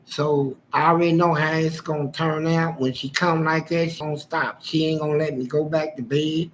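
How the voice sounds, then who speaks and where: A man's voice: a little high, normal speed, hardly any pauses, slight background noise, low-quality recording. A man telling a personal story on a live stream in a casual, slangy way, acting out what people said. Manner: animated, slangy, acts out the quotes.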